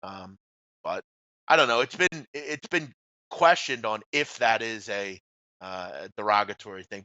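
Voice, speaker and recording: A man's voice: on the low side, measured pace, pushed and bright, no echo, highs cut off. A man co-hosting a casual sports talk show, blunt and trash-talking, often trailing off at the ends of phrases. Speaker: co-host. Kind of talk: casual sports radio banter.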